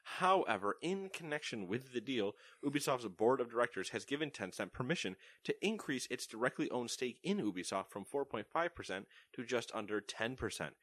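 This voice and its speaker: A man's voice: mid-range voice, expressive, fairly quick, hardly any pauses, fairly bright tone, dry recording. A man co-hosting a casual gaming news podcast, joking and laughing often as he reads stories. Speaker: co-host reading gaming news.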